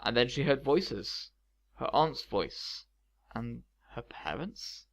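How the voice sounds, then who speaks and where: A man narrating a fan fiction story in a steady, measured reading. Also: mid-range voice.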